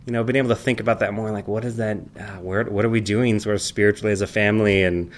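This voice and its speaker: A man in his thirties chatting casually and rambling, telling family stories with animated, high-pitched quoted voices. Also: fast, a little hiss or hum. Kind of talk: casual chat.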